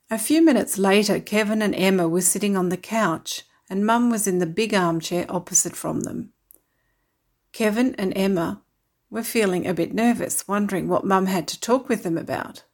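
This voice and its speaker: A woman reading a children's story aloud, narrating steadily and clearly. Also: medium pitch, a little slow.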